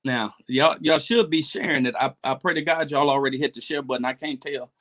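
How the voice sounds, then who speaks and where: A man's voice: a little high, fairly bright tone. Guy on a livestream, earnest, lots of uh and restarts. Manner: earnest, halting, advice-giving with many fillers. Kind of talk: casual livestream chat.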